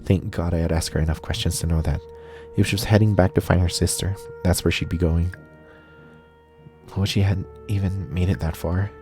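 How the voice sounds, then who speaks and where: A man streaming a visual novel, narrating its text aloud in a steady voice. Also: deep voice. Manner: steady narration, cursing asides.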